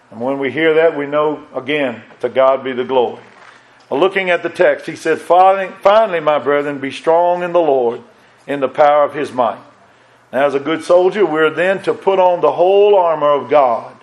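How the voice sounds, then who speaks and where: Earnest preaching man, fairly high voice. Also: low-quality recording. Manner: earnest preaching with repeated phrases, quotes scripture in old wording. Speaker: pastor. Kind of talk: sermon.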